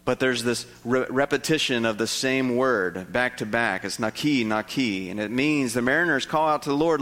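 Animated man preaching in a reverberant hall. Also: moderate pace, hardly any pauses. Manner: animated, rhetorical questions, rising pitch when stirred. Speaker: pastor. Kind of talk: sermon.

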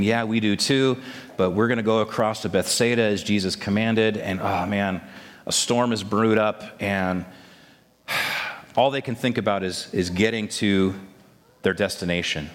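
A man preaching a sermon, telling the story in a lively way and acting out the voices of the people in it. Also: fairly low pitch, big-room sound. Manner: animated storytelling, acts out voices of disciples.

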